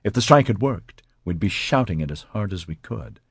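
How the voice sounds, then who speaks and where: A wary woman official presses with pointed questions in a lifted voice, as a male narrator puts her on. Underneath, the tone stays husky and low, and the recording is dry. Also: animated, normal speed, no room sound, heavily acted.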